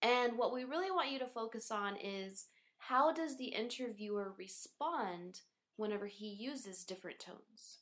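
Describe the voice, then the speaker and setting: A woman hosting a podcast for English learners, interviewing a guest and explaining a lesson in a clear teaching tone. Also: a little high, unhurried, fairly bright tone.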